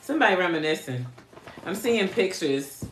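A woman's voice: on the low side, lively intonation, moderate pace, roomy sound, slight background noise. A woman giving a casual live card reading, talking bluntly with profanity, laughing often and chatting with viewers. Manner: chats with viewers. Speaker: spiritual card reader.

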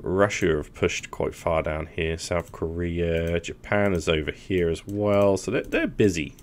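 A man with a deep, low-pitched voice chats casually over a strategy game. He thinks aloud, weighing each move as he makes it, like a gaming channel host. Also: measured pace. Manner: thinking aloud while planning moves. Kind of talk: casual gameplay commentary.

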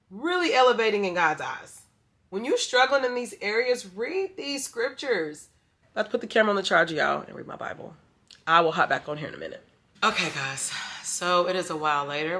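A woman's voice: medium pitch, animated, moderate pace, bright, forceful tone. A young adult woman chatting casually to her viewers about faith and her plans, calling them "y'all" and sounding a little stuffy from allergies. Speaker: vlogger. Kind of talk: casual faith vlog chat.

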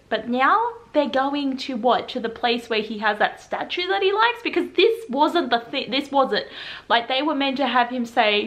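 Brief: young female book vlogger, casual and chatty, slightly higher pitch, lots of "like". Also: moderate pace. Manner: chatty, full of "like" fillers, excited asides. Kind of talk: casual reaction vlog. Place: at home in pajamas.

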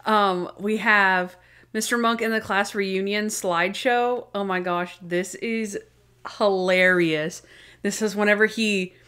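A woman's voice: mid-range voice, fairly even intonation, slow, fairly bright tone, clean tone. A woman co-hosting a podcast, recapping TV episodes in casual chat and acting out the characters' lines as she retells scenes. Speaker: podcast co-host.

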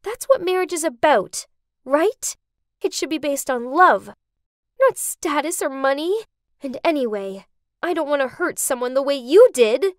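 A woman voicing an outspoken, indignant young bride from a rich family in an animated story. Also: unhurried, dry recording, clean studio sound. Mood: firm. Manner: emphatic, high-pitched outbursts.

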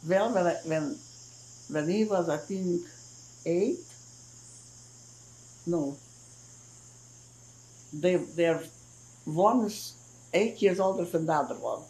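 An older woman from Hungary recounts her life in a recorded interview. Her voice has a gravelly fry, and she talks in halting bursts, restarting phrases and murmuring soft "mm-hmm"s. She slips into the voices of her family when she retells what they said. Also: on the low side, low-quality recording. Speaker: Holocaust survivor giving testimony. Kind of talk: recorded oral history interview.

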